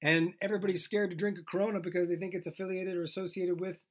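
A man's voice: high voice, level tone, quick pace. Rambling, joking man co-host. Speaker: podcast co-host. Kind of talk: casual chat. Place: home closet.

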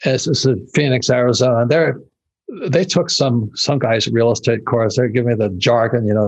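Profane, husky older man telling stories. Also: medium pitch, moderate pace. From Hawaii. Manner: profane, animated storytelling, laughs while talking. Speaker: guest. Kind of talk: blunt casual interview talk.

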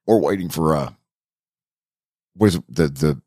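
A man co-hosting a radio show, trading quick wisecracks in casual chat. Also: rumbling low, darkish tone, slightly rough.

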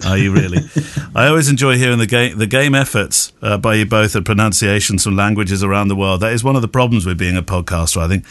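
A man's voice: lowish voice, quick pace, fairly bright tone. A man co-hosting a podcast, chatting casually and reading quiz questions and listener mail with joking asides. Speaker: podcast co-host.

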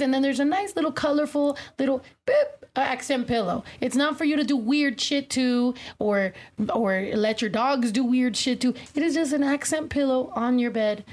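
A woman's voice: high voice, normal speed, few pauses. A woman hosting a livestream in casual chat, breezy and casually profane as she plugs her merch. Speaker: livestream host.

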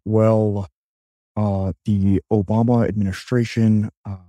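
A man putting on a slow, flat impression of a famous whistleblower, halting with many pauses. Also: on the low side, dry recording. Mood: deadpan halting.

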